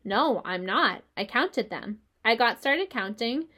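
A woman voicing a gentle, wise female spider who sounds weak and tired, speaking softly. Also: fairly high pitch, lively intonation, takes it slowly, exaggerated voice. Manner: soft and quiet.

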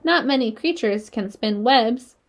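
Storybook spider, woman reading: female, wise, patient, calm and measured, lightly teasing. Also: fairly high pitch.

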